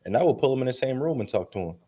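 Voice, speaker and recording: A man as a guest on an interview show, talking earnestly and at a measured pace, now and then acting out what other people say. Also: mid-range voice, animated, warm tone, breathy edge. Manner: earnest, measured, acts out quoted voices. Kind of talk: conversational podcast interview.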